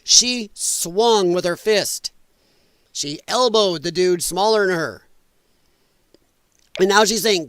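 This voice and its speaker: High-voiced sarcastic male streamer. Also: lively intonation, slow pace, long pauses, a bit bright, clear, resonant tone, no room sound. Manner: sarcastic, heated, mocking. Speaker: live stream host. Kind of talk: political commentary live stream. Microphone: headphones and desk mic.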